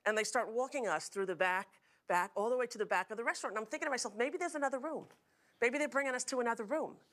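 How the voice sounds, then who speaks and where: A woman's voice: fairly high pitch, fast talker, fairly bright tone. A middle-aged woman hosting a talk show, telling jokey stories to a studio audience. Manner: chatty, jokey storytelling with frequent laughs.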